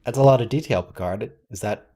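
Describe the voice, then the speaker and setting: A man's voice: on the low side, fairly quick, dark tone. A man hosting a watch-along, giving casual, wry, quizzical commentary and thinking aloud.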